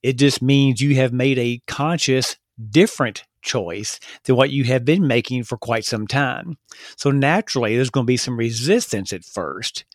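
A man hosting a solo motivational podcast, talking earnestly and excitedly, with stumbles and restarts. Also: mid-range voice, normal speed, no echo, studio quality. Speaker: podcast host.

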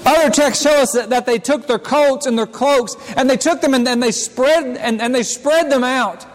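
A man with a very high voice preaches to his congregation, speaking in a casual, conversational way and often doubling back on his words. His voice rings out with a long reverb, as though he is in a big church sanctuary. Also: normal speed. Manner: conversational preaching with frequent restarts and repetitions. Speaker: pastor. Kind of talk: sermon. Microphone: handheld or stand mic. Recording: long reverb of a large hall.

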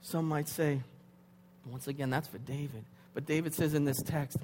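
A man's voice: on the high side, fairly even intonation, normal speed. Impassioned preacher man in a reverberant hall. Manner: swings from hushed to loud impassioned pleading. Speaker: pastor. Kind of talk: sermon. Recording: hall reverb with faint hum.

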